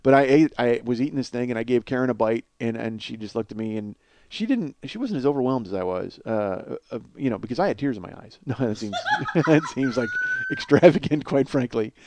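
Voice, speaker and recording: On his comedy podcast, a man with a cold sore on his face tells a rambling, profane story that mocks himself, laughing at his own jokes as a comic monologue. His mid-range voice is slightly fast, with lively intonation and a darkish tone.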